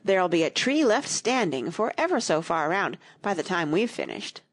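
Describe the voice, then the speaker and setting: A woman voicing a fussy, boastful boy twin with a petulant, excitable manner. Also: fairly low pitch, moderate pace.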